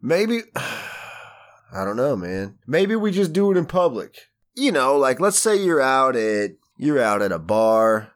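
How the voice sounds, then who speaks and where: A man's voice: mid-range voice, very animated, slow pace. A man co-hosting a podcast in laid-back casual chat, often laughing. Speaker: podcast co-host.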